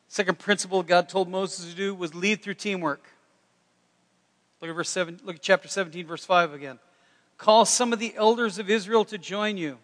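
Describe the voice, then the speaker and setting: A man preaching a sermon in a folksy, animated way, breaking into loud shouted impressions. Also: sits high, big-room sound. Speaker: pastor.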